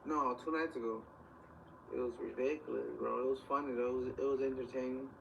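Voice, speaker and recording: A young man from Chicago hosting a livestream, chatting in slang and shouting out viewers. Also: mid-range voice, fairly even intonation, a little fast, vocal fry, distant mic, dull audio, a little hiss or hum. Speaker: livestream host. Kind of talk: casual livestream chat.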